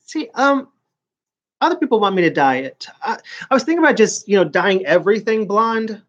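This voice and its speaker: A man's voice: high-pitched, expressive, brisk, a bit bright. A man in his forties with a New York accent, chatting casually to viewers on a live stream, rambling and stop-start. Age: 40s. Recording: dull lo-fi stream audio.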